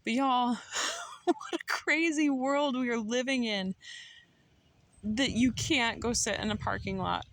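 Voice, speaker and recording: A woman's voice: low-pitched, fairly bright tone, no echo. A woman, telling a personal story to her viewers in a casual vlog, laughing often and getting emotional. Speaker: vlogger.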